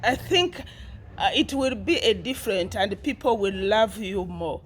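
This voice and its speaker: A woman's voice: mid-range voice, lively intonation, unhurried, a little hiss or hum. A woman vlogging casually, rambling and repeating herself, with a teasing, mocking tone. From Uganda. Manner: rambling and repetitive, with many restarts. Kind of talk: casual commentary to camera.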